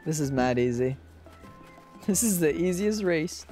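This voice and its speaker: A streamer giving casual gameplay commentary, excitable and joking, who talks back to the game. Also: medium pitch, unhurried, faint music behind.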